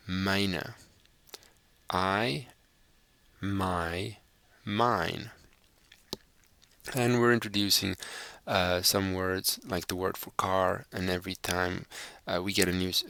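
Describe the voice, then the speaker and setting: A man teaching a recorded language lesson, speaking slowly and carefully and repeating phrases so listeners can practice. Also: low-pitched, pushed and bright, no echo.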